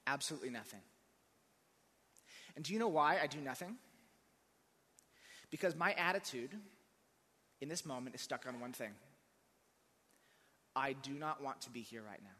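A man's voice: medium pitch, moderate pace, long pauses, sharp tone. A male pastor telling a personal story in a conversational sermon with dry humor. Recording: long reverb of a large hall.

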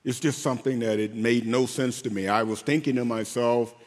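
A man giving an emotional faith testimony as an interview guest, speaking haltingly and repeating words as he goes. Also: mid-range voice, fairly even intonation, in a large hall. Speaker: guest, former pro football player.

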